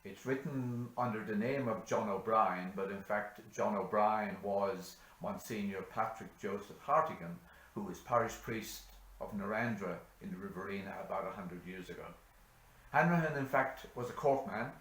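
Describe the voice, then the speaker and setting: A man from rural Ireland, reciting a bush poem in a measured, theatrical storytelling voice. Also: on the low side, a bit bright. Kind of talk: poetry recitation. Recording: echoey room.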